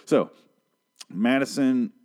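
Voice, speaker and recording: A man's voice: medium pitch, slow pace, darkish tone. A man hosting a podcast, recapping a TV show in a rambling, sarcastic, profane solo rant.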